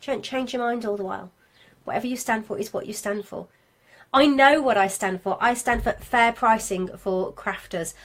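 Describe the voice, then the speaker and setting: A woman's voice: a little high, normal speed. A woman coaching craft sellers in a live stream from home, chatty and encouraging, with frequent asides. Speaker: craft business marketing coach. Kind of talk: live-streamed class to viewers.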